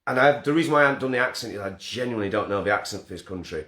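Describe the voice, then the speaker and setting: A man's voice: fairly low pitch, expressive, rapid-fire, pushed and bright. Man, self-deprecating live-stream host, joking and rambling, recorded at home with roomy echo. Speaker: festival host announcing winners. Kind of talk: casual live-stream hosting. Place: front room at home. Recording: roomy front-room echo.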